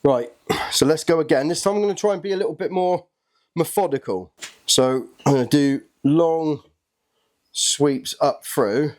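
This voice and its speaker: A man's voice: fairly high pitch, normal speed. Nervous chatty man narrating his work. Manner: chatty, nervous and excitable, thinking aloud as he works. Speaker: channel host. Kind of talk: casual hands-on workshop narration.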